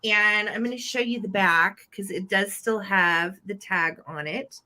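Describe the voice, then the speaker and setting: A woman's voice: medium pitch, a little slow, pushed and bright. A woman hosting a live online vintage sale, chatty and upbeat as she describes each item. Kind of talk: live online sales chat.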